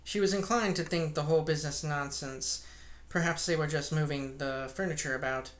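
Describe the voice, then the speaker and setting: Audiobook reader: woman narrating a classic novel, steady and measured. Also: low voice. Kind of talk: reading a classic novel aloud.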